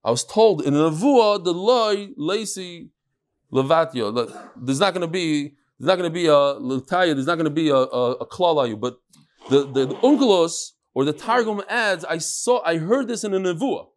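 Man, study-group teacher, fairly high voice, chanting and explaining. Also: lively intonation, moderate pace. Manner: chanting and explaining texts, many restarts, joking asides. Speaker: Talmud teacher. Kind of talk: casual study-group lecture.

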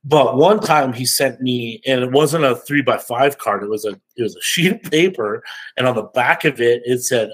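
A podcast guest telling stories in a casual, animated, slangy way, often laughing. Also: male voice, medium pitch, normal speed, slightly rough, low-quality recording. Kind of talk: casual storytelling.

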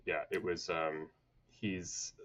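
A middle-aged man from Atlanta in the southern United States, appearing as a podcast guest, tells candid conversational stories packed with fillers and restarts. His low voice has little pitch movement and a fairly bright tone, and he speaks slowly. The lo-fi audio sounds dull.

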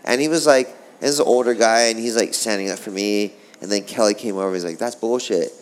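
A middle-aged man, a former pro surfer, telling stories in a casual interview, animated and profane, rambling along. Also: lowish voice, fast talker, smooth.

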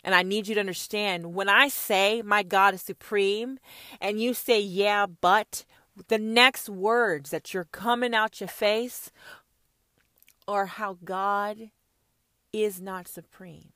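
Woman host, confrontational, preachy and profane; bright, forceful voice, close and dry. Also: mid-range voice, fairly even intonation, slow pace, no room sound. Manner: swings from shouts to hushed whispers. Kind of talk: ranting monologue.

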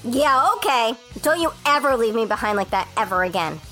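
A woman voicing a naive, excitable young female animal, full of goofy exclamations. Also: a little high, brisk, faint music behind. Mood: excited.

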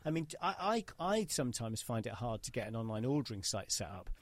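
A man's voice: mid-range voice, very animated, fairly quick, no room sound. A man hosting a podcast, teasing his guest and swearing casually as he talks. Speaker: podcast host.

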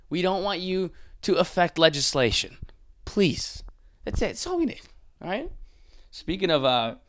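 A man's voice: mid-range voice, fairly bright tone, no room sound. A man hosting a show, ranting in casual, profane talk, often exasperated and mocking others in put-on voices. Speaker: podcast host.

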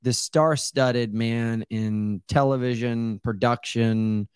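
A man's voice: medium pitch, takes it slowly, darkish tone, clear, resonant tone, dry recording, clean studio sound. A man hosting a podcast, talking candidly and searching for words in a casual interview. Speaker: podcast host.

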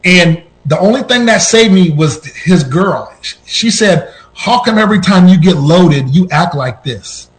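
Animated high-voiced man telling stories. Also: measured pace, few pauses, low-quality recording. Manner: animated, voice jumps high at tense moments, frequent restarts. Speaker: podcast guest. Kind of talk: personal storytelling.

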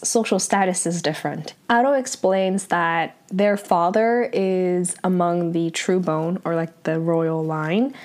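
A young woman casually recapping a drama episode, chatty and full of "like" and "um". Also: medium pitch. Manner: chatty, heavy use of "like" and "um".

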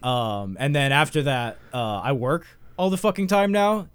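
A man's voice: medium pitch, lively intonation, normal speed, fairly bright tone, smooth, no echo. A man hosting a podcast in casual chat, stoned, rambling and swearing. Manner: rambling, swearing, tangential jokes. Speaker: podcast host.

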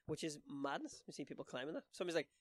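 A man, a comedian, cracking quick sardonic jokes in a casual chat. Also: a little high, big pitch swings, dry recording.

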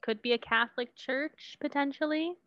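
A woman's voice: high-pitched, normal speed, a bit bright, no echo. A woman playing along in a guessing game, offering tentative suggestions and hesitating often. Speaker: co-player. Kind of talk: casual gameplay chat. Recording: dull, dry lo-fi audio.

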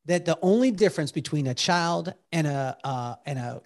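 A man telling animated stories as a podcast guest, acting out what people said and breaking into song, with halting restarts when he explains a point. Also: fairly high pitch. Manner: lively storyteller who acts out quotes and sings bits. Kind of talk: animated storytelling in conversation.

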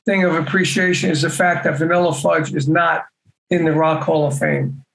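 A man's voice: a little high, steady tone, normal speed, creaky, fairly bright tone, low-quality recording. An older man chatting as a guest in a casual interview, rambling and leaning on lots of "you know" fillers. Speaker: guest musician.

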